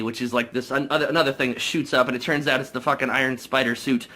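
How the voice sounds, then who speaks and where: A young man casually recapping a movie, swearing a lot, excitable and full of fillers. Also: medium pitch, fast talker, hardly any pauses. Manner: profane, excitable, many fillers. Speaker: movie reviewer.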